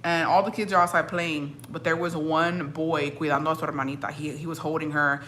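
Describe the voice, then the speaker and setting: Woman, Mexican-American accent, young adult, bright voice, blunt, swears a lot, casual chat, faint background noise. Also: deep voice, brisk. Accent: Mexican-American English with Spanish code-switching. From Mexican-American family. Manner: blunt, profane, animated, code-switching. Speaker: streamer. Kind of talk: casual chat reacting to viewers.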